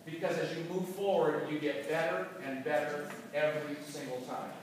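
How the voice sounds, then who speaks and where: A man gives a motivational talk and tells his story with animated emotion, his voice pitched high. He is recorded from far off in a large hall full of reverb, with faint room noise behind him. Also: normal speed. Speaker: motivational business speaker.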